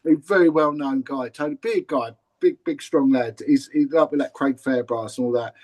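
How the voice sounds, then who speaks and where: A man's voice: mid-range voice, moderate pace, darkish tone, poor audio. A man with a London accent, a former police officer telling stories in a casual, blunt interview way. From England. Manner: chatty, repeats words and restarts, blunt.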